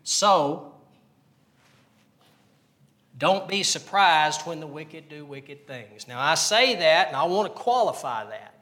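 A man's voice: on the high side, animated, slow pace, pauses often, sharp tone. A man preaching a sermon, earnest and repetitive, asking the congregation questions. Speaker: pastor.

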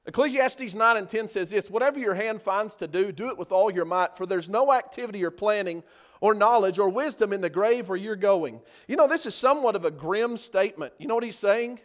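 A man's voice: sits high, fairly quick. A male preacher giving an earnest sermon on a scripture passage, building in force on key points.

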